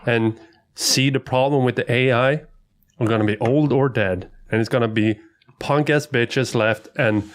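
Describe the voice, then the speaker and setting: A man's voice: medium pitch, normal speed. A man co-hosting a podcast in casual chat, blunt and profane. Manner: blunt, profane agreement and rants. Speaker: podcast co-host.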